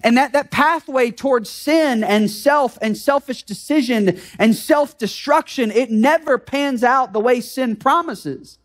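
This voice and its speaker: A man's voice: extremely high pitch, measured pace, hardly any pauses. An American man delivers a sermon as a pastor, talking to his congregation more than lecturing at them. His tone is earnest and conversational. He keeps drawing listeners in with rhetorical questions. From United States.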